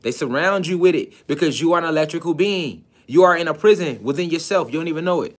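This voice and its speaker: Speaking quickly in a voice on the high side, this man gives a spiritual lecture in the manner of a preacher. He hammers each point with rhetorical questions and keeps repeating key phrases to stress them.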